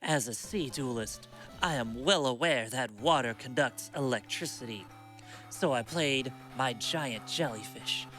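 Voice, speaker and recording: A man's voice: mid-range voice, a little slow, a bit bright, soft background music, close to an everyday voice. A man voicing a boastful young male sea duelist, reading his lines with grand, theatrical taunts. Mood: gloating.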